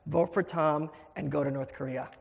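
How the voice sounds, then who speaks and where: A man's voice: on the high side, steady tone, normal speed, vocal fry, noisy background. A man debating before a live audience, combative and sardonic. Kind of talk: live debate closing statement. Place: event hall before an audience. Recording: long hall reverb.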